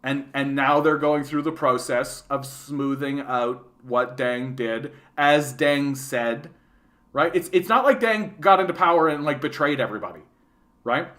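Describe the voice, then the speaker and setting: In an unhurried, mid-range voice with a slight brightness, a man with a Canadian accent hosts a relaxed livestream. His chatter rambles and includes swearing, with "right?" tagged onto many sentences.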